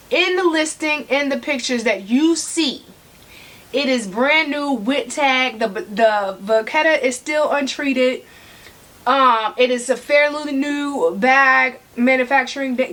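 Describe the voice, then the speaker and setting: A woman's voice: high voice, fairly bright tone. A woman vlogger giving casual advice to camera, chatty and prone to tangents, repeating points for emphasis and addressing her viewers directly.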